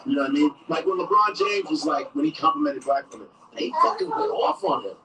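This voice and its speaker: A man's voice: on the high side, big pitch swings, fast talker. A man chatting casually and animatedly on a podcast, swearing freely and laughing often. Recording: roomy and distant with background noise.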